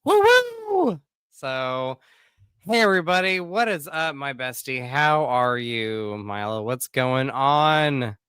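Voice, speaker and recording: Chatty, slightly hoarse man podcast host. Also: slow, no echo, clean studio sound. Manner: animated, chatty, warm greetings with pitch jumps. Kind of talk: casual podcast chat.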